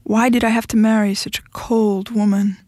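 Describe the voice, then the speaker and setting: A woman's voice: mid-range voice, flat delivery, normal speed, warm tone, no room sound, studio quality, natural voice. A woman reading the lines of a heartbroken husband who pleads through tears, his voice cracking. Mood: tearful. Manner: crying, voice cracking.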